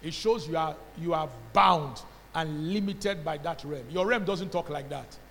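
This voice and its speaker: Nigerian pastor guy preaching, high voice, lots of call and response, long reverb off the church walls. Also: measured pace, creaky, a bit bright, slight background noise. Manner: emphatic call-and-response preaching, asks the congregation to answer. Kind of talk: sermon. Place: church hall.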